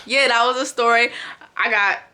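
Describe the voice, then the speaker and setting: A young woman tells a story about her job in a casual, talkative way. Her voice is bright and a little high. She acts out her own lines with sudden leaps in pitch. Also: moderate pace. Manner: animated, acts out quotes with big pitch jumps. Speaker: vlogger.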